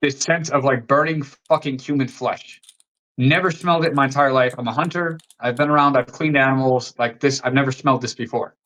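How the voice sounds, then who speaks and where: A young man from the American Midwest, a fitness coach guesting on a podcast interview, tells a long, casual story with a steady tone and a medium-pitched, somewhat bright voice. He talks briskly, rambles, swears freely, and leans heavily on "like".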